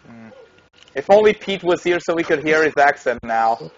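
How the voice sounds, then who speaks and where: Portuguese guy, mixed American-British accent, high swooping voice, loud outbursts, dull lo-fi voice chat. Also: moderate pace. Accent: mix of American and British English. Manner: animated, bursts into loud outbursts. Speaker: stream co-host. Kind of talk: casual group chat over a game stream.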